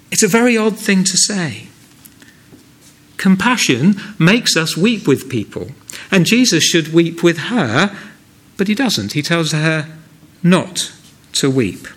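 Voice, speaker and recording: Guy giving a sermon, a bit high-pitched, earnest and chatty, lots of questions to the congregation. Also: fairly bright tone. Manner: earnest, conversational preaching with rhetorical questions. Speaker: preacher. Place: church.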